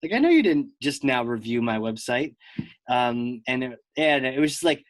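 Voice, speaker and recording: A man hosting a podcast in casual conversation, telling animated stories with plenty of fillers and restarts. His voice sits at an everyday pitch. The sound is dry and close, with no room around it. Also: moderate pace, no room sound. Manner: animated storyteller, lots of fillers. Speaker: podcast host.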